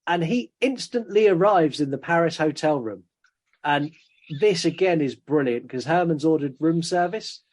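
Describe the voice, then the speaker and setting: A man's voice: on the high side, lively intonation, moderate pace, darkish tone. A man hosting a podcast, recapping a film plot in casual chat and laughing often. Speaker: podcast host.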